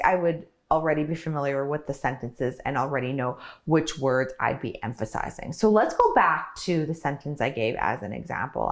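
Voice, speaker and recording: Low-voiced woman coaching public speaking. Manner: clear, deliberate delivery with emphasized words. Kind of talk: coaching tutorial to camera.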